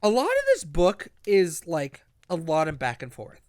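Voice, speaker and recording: A man's voice: a little high, huge pitch swings, moderate pace, no room sound, clean studio sound. A man co-hosting a podcast, retelling a book in a rambling, casual way, swearing freely and restarting his sentences. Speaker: podcast co-host. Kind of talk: casual book recap chat.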